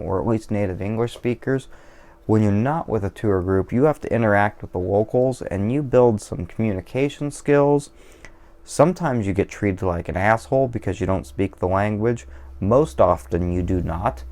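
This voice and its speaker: Gravelly, low-voiced man rambling. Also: a little mellow. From Washington State, USA. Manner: digressive, profane, self-deprecating. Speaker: vlogger. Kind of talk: casual rambling monologue over beer.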